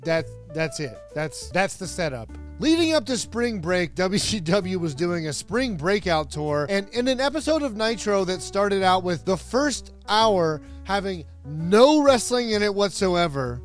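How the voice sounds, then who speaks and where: High-voiced sarcastic wrestling recap man. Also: very animated, a little slow, hardly any pauses, faint music behind. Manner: sarcastic, joking, laughs while narrating. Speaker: wrestling video host. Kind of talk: comedic recap narration.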